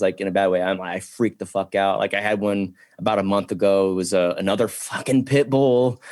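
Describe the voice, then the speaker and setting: A man's voice: fairly low pitch, no room sound, studio quality. A young man, a podcast guest, telling wild stories in casual talk, swearing constantly and acting out the voices of the people in them. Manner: excitable, swears a lot, acts out voices in his stories.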